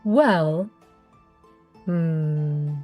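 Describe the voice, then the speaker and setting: Slow, playful woman player. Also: sits low, warm tone, soft background music.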